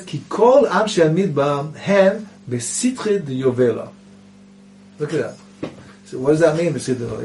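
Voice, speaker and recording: In this Kabbalah study session, a male Torah teacher reads Hebrew passages and explains them in English, frequently asking rhetorical questions. His slightly high voice is creaky and a bit mellow. The mic catches him from afar, with some faint background noise.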